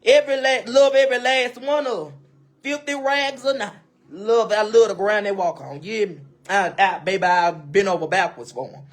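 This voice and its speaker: A woman's voice: medium pitch, moderate pace. A woman in a casual live-stream monologue, speaking straight to her viewers with emphatic, preachy advice, repeating phrases and calling them "baby". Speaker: livestreamer.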